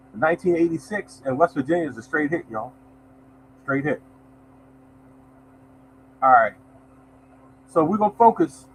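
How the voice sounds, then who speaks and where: A man's slightly high, fairly bright voice fills a low-quality recording with some hiss or hum. He chats loosely with viewers, whom he calls y'all, while reading out numbers on his lottery livestream.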